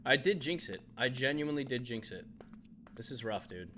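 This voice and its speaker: A man's voice: medium pitch, lively intonation, moderate pace, background noise. A young man, chatting casually with his viewers while playing a game on a live stream, laughing often and answering chat.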